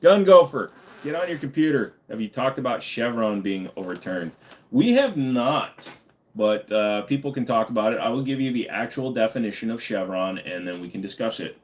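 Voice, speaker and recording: A man's voice: medium pitch, big pitch swings, normal speed. A man hosting a casual livestream, reading viewers' chat aloud and answering with loose, joking, profane banter. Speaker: livestream host.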